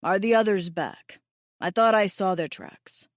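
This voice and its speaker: A woman's voice: mid-range voice, measured pace, no echo, close to an everyday voice. A big blue alien warrior, stern and protective, as a woman narrator puts him on. He speaks in clipped, formal sentences with no contractions, in a slightly altered timbre of the audiobook voice. The recording is dry and close. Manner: terse, formal speech without contractions.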